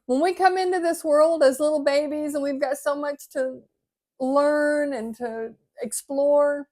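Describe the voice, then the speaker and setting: An older retired woman, gently reflecting to her viewers in a heartfelt video talk. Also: high voice, fairly even intonation, unhurried. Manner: gentle, heartfelt, sometimes choked up. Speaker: vlogger. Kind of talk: reflective talk reading an inspirational piece.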